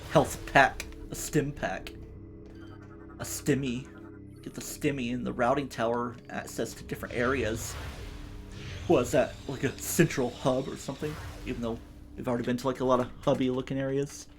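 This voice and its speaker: A man streaming a game live, rambling playfully with jokey asides and reading in-game text aloud, a little far from his mic. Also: medium pitch. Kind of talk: live let's-play commentary. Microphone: a bit far from the mic.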